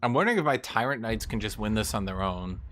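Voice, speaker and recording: A man's voice: lowish voice, animated, fast, noisy background. A young man streaming a strategy game, chatting to his viewers with wry remarks and sudden exclamations. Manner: talks to chat, wry, exclaims and trails off. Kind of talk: casual gameplay commentary.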